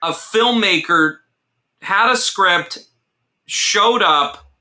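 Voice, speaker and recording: A man talking as a guest screenwriter in a casual film discussion, animated and incredulous, with some swearing. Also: high-pitched, very slow.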